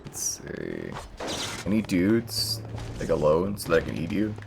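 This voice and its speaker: Gravelly low-voiced man streaming a game. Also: moderate pace, noisy background. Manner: joking, sarcastic, talks to the game and chat. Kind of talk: live gameplay commentary. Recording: game music and gunfire behind.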